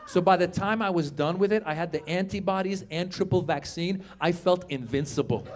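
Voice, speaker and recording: A man in his fifties performs stand-up at a club, engaging the audience with a loud, lively delivery and yelled punchlines, speaking fairly quickly in a high voice.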